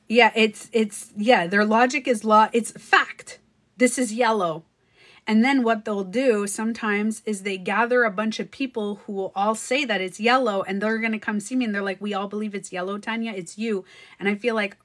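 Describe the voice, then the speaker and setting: A woman hosts a relaxed livestream, talking straight to her viewers. Her voice sits in a middle register. She keeps it chatty and animated, slipping into little acted quotes and laughing along the way. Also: medium pitch, normal speed. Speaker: livestream host. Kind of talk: casual livestream monologue.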